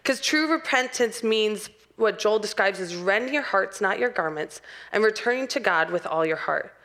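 A woman's voice: mid-range voice, lively intonation, normal speed, fairly bright tone. A young adult woman preaching a sermon in an earnest, personal way and laughing lightly now and then.

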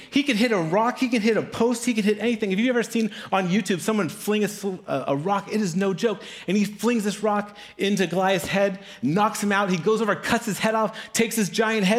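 A middle-aged man, a pastor, telling a story in a casual, animated sermon, keeps asking "right?" and acting out voices. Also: brisk. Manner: animated, acts out voices with big pitch swings.

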